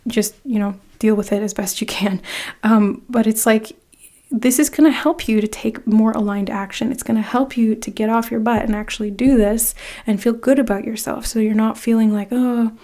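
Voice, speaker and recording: A woman's voice: on the high side, fairly even intonation, normal speed, mellow. A woman giving a casual pick-a-card tarot reading. She speaks straight to the viewer, rambling with many "like"s and restarts as she encourages them. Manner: direct second-person encouragement.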